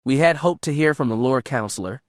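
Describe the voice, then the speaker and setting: A man's voice: mid-range voice, a little fast, no room sound, studio quality, natural voice. A man voicing an eager, deferential male Imperial officer in an audiobook.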